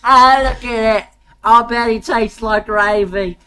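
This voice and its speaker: A man voicing a brash, dim-witted Australian guard with a put-on Australian accent, loud and boastful. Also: extremely high pitch, fairly even intonation, a little slow, clear, resonant tone, voice pushed up, exaggerated voice. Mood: boisterous.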